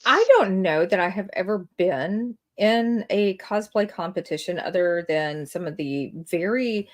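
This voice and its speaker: A woman's voice: lowish voice, a little slow. A woman hosting a casual chat show, talking in a rambling, self-deprecating way. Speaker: host.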